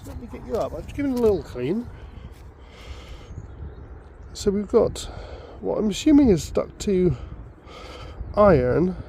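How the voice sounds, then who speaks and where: A man's voice: high-pitched, very animated, unhurried, gravelly, long pauses, dark tone, slight background noise. A man chatting upbeat to viewers while he works outdoors in a field. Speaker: metal detecting vlogger. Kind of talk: casual outdoor vlog commentary.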